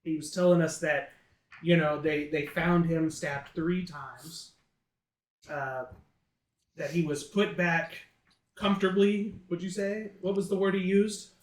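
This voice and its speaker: Casting: slightly high-voiced man player, halting, echoey room with faint hiss. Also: flat delivery. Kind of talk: casual tabletop role-play chat.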